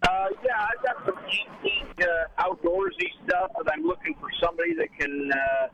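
A man's voice: high-pitched, expressive, slight background noise. A man calling in to a radio show, hesitantly describing old outdoor gear he wants appraised. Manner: hesitant, halting. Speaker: caller. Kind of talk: phone call to a radio show. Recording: dull phone line.

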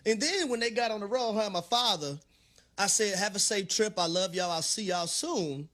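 A middle-aged man co-hosting a sports radio show, talking in a hyped, preacher-like sing-song that swells into shouts. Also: high-pitched, moderate pace. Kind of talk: animated sports radio banter.

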